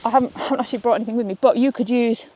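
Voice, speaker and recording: Upbeat female dog trainer, slightly high voice, filmed outdoors on a walk. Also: racing, warm tone. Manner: chatty, upbeat, keeps asking "okay?". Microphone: camera she holds while walking.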